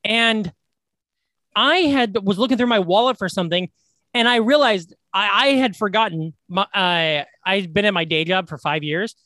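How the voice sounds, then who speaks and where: A man's voice: sits high, normal speed, sharp tone, no room sound. A man co-hosting a podcast, chatting casually and rambling through stories with lots of restarts. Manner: rambling storyteller with many restarts. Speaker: podcast co-host. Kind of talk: casual chat.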